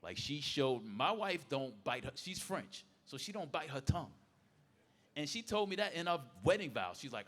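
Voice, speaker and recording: Man, 50s, panel guest, lively storyteller who acts out quotes. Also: mid-range voice, moderate pace. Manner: animated, acts out quoted voices. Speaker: podcast panelist. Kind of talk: casual storytelling. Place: live event space.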